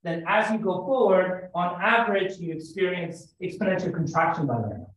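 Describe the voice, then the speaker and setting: A man's voice: high-pitched, moderate pace, fairly bright tone. A man giving a mathematics seminar talk, explaining step by step and thinking aloud as he goes. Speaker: lecturer. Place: seminar room. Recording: echoey lecture room, slightly dull sound.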